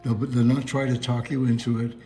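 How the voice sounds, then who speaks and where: A man co-hosting a casual chat show, rambling and halting with lots of fillers. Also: mid-range voice, flat delivery, mellow, soft background music. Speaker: co-host.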